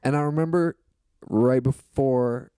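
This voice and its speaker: A man's voice: mid-range voice, a little slow, warm tone, clear, resonant tone, no room sound. A man, a comedian guest on a podcast, telling stories in a rambling, reflective way with lots of fillers. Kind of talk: casual podcast chat.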